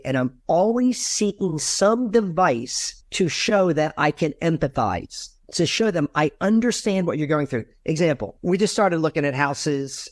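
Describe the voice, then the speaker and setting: Real estate guest from Virginia, slightly higher voice, lively storyteller who jumps in pitch to act out quotes, dry close mic. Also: male voice, no room sound. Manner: animated, acts out dialogue with big pitch jumps. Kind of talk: conversational storytelling.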